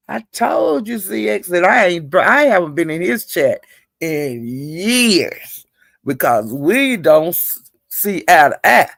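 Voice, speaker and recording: A woman's voice: lowish voice, big pitch swings, takes it slowly, vocal fry, dry recording, studio quality. A woman hosting a livestream, retelling an online feud in a chatty, gossipy way and calling her listeners "child". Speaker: livestream host.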